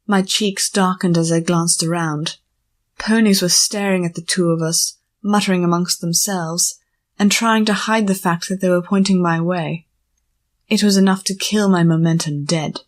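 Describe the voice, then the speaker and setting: A woman narrating an audiobook chapter in a measured storytelling manner. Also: fairly low pitch, steady tone. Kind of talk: scripted narration.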